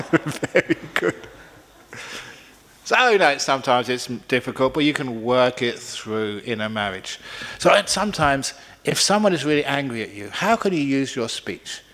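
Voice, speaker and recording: A man speaks as a monk giving a public talk, playful and a little cheeky. He keeps changing his pitch and pace, rising high and then dropping low and slow. His voice carries a long reverb from a large hall. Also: big pitch swings, fairly bright tone. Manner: playful, varies pitch and speed for effect.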